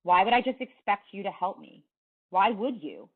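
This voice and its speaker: Woman voicing upset teenage boy, pleading, shaky, low voice lifted higher, tinny phone-like sound. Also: steady tone, normal speed.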